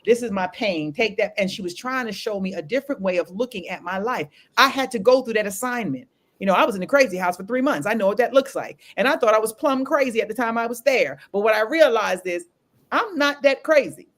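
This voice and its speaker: Brief: woman podcast co-host, fast, lively storyteller, acts out every line of dialogue. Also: a little high. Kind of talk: casual chat.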